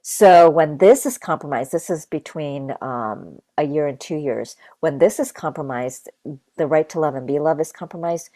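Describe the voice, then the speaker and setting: A young adult woman, appearing as a guest spiritual teacher, teaches earnestly yet conversationally, repeating key phrases like a mantra and guiding a short meditation. Her voice sits low and warm at a moderate pace, with no room sound.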